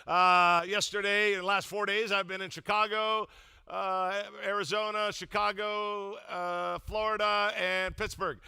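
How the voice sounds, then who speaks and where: Older man, pastor; humorous sermon storyteller, strong bright voice. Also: high voice, a little slow, vocal fry, clean tone. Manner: humorous storytelling, animated, loud emphatic bursts.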